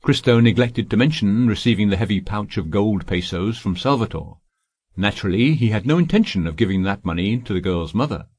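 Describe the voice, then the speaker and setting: A man reading an audiobook in a steady, even storytelling voice. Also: fairly low pitch, a little fast, breathy edge, no room sound, clean studio sound. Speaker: audiobook narrator. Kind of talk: scripted audiobook narration.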